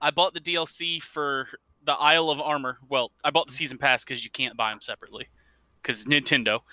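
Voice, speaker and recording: Gaming podcast co-host, super bright voice, rambles and corrects himself. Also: male voice, medium pitch, fairly even intonation, a little fast, no echo. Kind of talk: casual gaming podcast chat.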